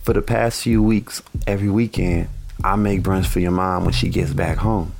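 Man doing a blunt, proud Caribbean father, middle-aged, low gravelly voice. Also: little pitch movement, normal speed, music in the background. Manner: blunt, matter-of-fact retorts.

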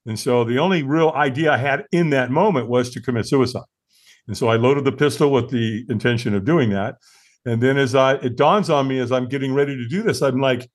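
A man in his sixties from the United States, a podcast guest telling his own story in an earnest, animated way with frequent fillers and restarts. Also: medium pitch, brisk. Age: 60s. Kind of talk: conversational storytelling interview.

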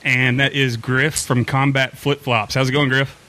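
A man's voice: mid-range voice, level tone, normal speed, sharp tone. A man hosting a casual podcast chat, joking and laughing easily. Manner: jokey, laughs often. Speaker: podcast host.

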